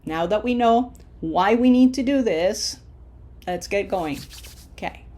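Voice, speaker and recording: A woman's voice: medium pitch, animated, unhurried, dark tone. A woman teaching a Spanish pronunciation lesson, patient and encouraging, often checking in with "okay?" and modeling syllables aloud. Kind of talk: online language lesson.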